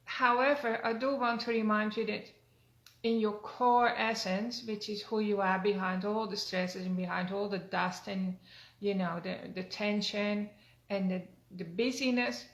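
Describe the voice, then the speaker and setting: Older woman wellness coach, gravelly even voice, earnest and gentle, roomy echo. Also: mid-range voice. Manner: gentle, earnest, with frequent fillers and restarts. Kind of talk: spoken self-help talk.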